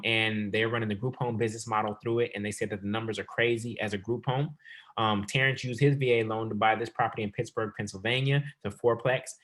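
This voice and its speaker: A man hosting a real estate investing webinar as coach, talking fast and calling the audience y'all. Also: mid-range voice, a bit bright. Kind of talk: sales webinar presentation.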